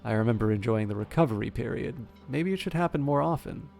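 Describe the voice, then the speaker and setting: A man's voice: mid-range voice, animated, fast talker, gravelly, darkish tone, soft background music. A man voicing a proud, hot-tempered male elf warrior who swears oaths and speaks sardonically. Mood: wry.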